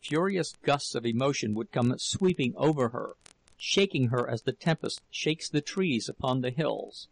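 A man narrating a novel in an audiobook with a steady, measured reading. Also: medium pitch, gravelly, slightly rough, poor audio. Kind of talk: scripted narration.

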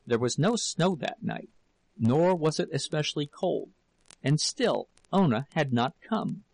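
A man narrating an audiobook of a novel in a measured, steady storytelling manner. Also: fairly high pitch, creaky, dry recording, poor audio.

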